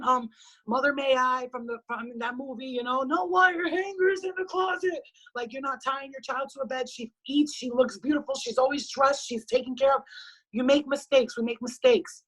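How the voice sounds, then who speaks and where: Husky, blunt woman on a video call. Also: sits high, fairly bright tone, low-quality recording. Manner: blunt, profane, emphatic. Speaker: spiritual reader hosting a group call. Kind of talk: casual heart-to-heart advice.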